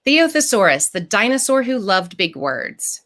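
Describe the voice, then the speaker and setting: Woman, storybook author, mid-pitched, animated read-aloud for kids over a video call, stops to explain words. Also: unhurried. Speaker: picture book author. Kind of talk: live storytime reading aloud to children.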